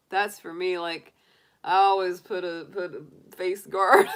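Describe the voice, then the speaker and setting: A woman's voice: fairly low pitch, little pitch movement, measured pace, a bit bright, smooth. A woman tarot reader chatting casually and giggling with her livestream viewers. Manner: giggly, chatty, laughs often. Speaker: tarot reader, channel host.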